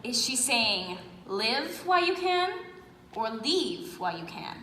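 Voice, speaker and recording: High bright voice, woman as confiding theatre-fan narrator, echoey hall. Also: lively intonation, unhurried, slight background noise, heavily acted. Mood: musing. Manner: confiding, musing, talks to the audience. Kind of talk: stage play monologue. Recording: echoey hall, live stage.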